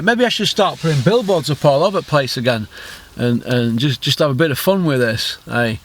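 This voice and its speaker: A man's voice: medium pitch, a bit bright. A man hosting a boxing vlog, giving blunt opinions with lots of rhetorical questions and mockery. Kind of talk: opinionated solo commentary.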